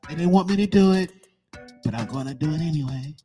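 A man's voice: fairly high pitch, animated, fast talker, warm tone, close to an everyday voice. A man doing an impression of a boastful male politician, making brash, emphatic promises. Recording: music playing clearly behind.

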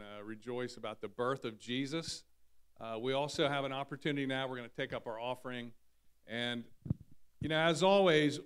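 A man's voice: mid-range voice, smooth. A man leading a church service on a stage microphone, playful and teasing before moving to the offering. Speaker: pastor. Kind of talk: joking church talk. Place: church sanctuary.

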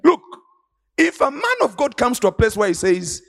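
Man, bishop, sermon, high-pitched, very lively, dramatic delivery. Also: normal speed, vocal fry. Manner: dramatic, swings between quiet and shouting. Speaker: bishop preaching. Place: large conference hall.

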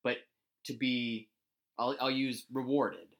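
A man's voice: mid-range voice, flat delivery, slow. A man co-hosting a casual sports talk show, rambling and searching for words with frequent restarts. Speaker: co-host.

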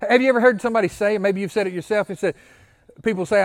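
A man's voice: high-pitched, fairly even intonation, fast. A male pastor giving an interactive sermon, often asking the congregation questions, repeating key phrases and stammering through restarts.

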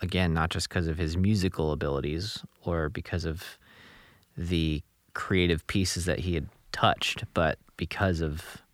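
Calm guy with a real low voice on a podcast, dry close sound. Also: a little slow, no echo. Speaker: podcast co-host. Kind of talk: podcast conversation.

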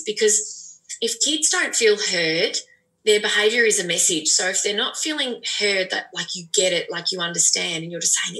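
A woman's voice: medium pitch, animated, normal speed, pushed and bright, poor audio. A woman giving parenting advice in an earnest, explanatory way, with lots of "you know" fillers. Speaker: parenting expert guest. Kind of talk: conversational advice.

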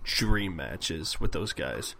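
A man's voice: extremely low pitch, lively intonation, takes it slowly, gravelly, bright, forceful tone. A man co-hosting a casual podcast, hedging with lots of fillers. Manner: hesitant, filler-heavy. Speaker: podcast co-host. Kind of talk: casual wrestling podcast chat.

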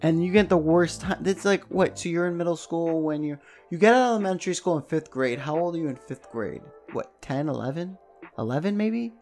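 A young man from New York chats on a podcast, telling animated stories full of swearing. His voice has a gravelly edge, and faint music plays behind him. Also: fairly high pitch, brisk. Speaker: podcast co-host. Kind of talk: casual chat.

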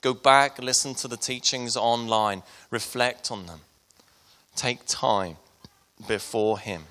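A man preaching a sermon to his congregation, retelling a Bible story and then speaking softly and personally to the listeners. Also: medium pitch, slow pace. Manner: storytelling preacher, soft and intimate at the close. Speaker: pastor.

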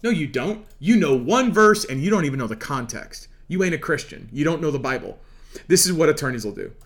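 A man's voice: a little high, expressive, a little fast. A man giving an explanatory talk on law as a commentator, emphatic and lecturing, firing off rhetorical questions. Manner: preachy, lecturing. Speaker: legal commentator.

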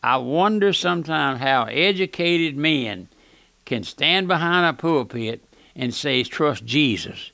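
An older man preaching a radio sermon in a gravelly voice that sits a little high. He is emphatic and folksy and keeps repeating his phrases, and the recording is dry and close. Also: animated, takes it slowly, bright, forceful tone, dry recording. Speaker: radio pastor.

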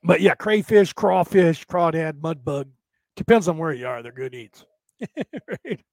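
Rambling folksy guy, gravelly highish voice, dry close sound, keeps saying right?. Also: animated, unhurried, darkish tone, dry recording. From California. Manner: chatty, folksy, tags lines with "right?". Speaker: livestream host reading chat. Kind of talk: rambling casual chat.

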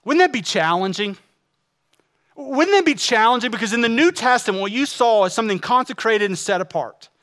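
A pastor preaching to his congregation in a high, bright voice. He fires off rhetorical questions and swings from loud, emphatic lines to hushed, close asides. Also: lively intonation, quick pace, few pauses. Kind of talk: sermon.

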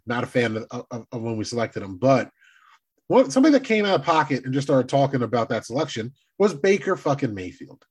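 A man's voice: mid-range voice, husky. A man co-hosting a casual sports podcast who teases his co-host and swears casually. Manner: teasing, lively, swears casually.

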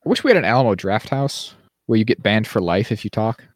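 A man's voice: on the low side, very animated, quick pace, dry recording, clean studio sound. A man co-hosting a podcast in casual chat, ranting animatedly and mimicking people he quotes. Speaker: podcast co-host.

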